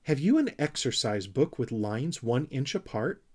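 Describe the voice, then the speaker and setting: A man's voice: mid-range voice, big pitch swings, a little slow, darkish tone, husky. A man voicing an earnest, orderly young boy creature who speaks precisely, in a storybook reading.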